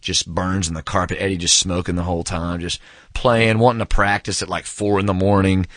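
A man's voice: deep voice, level tone, a little fast, fairly bright tone, no echo, studio quality. A man in his forties casually reviewing a book, telling stories with enthusiasm, acting out quotes and saying "man" a lot.

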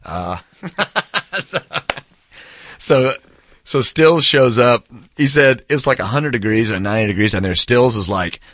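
A man's voice: medium pitch, lively intonation, unhurried, pauses often, fairly bright tone, dry recording, studio quality. A man casually recommending a book, telling a long rambling anecdote in a laid-back way, full of fillers and calling the listener "man". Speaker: book reviewer.

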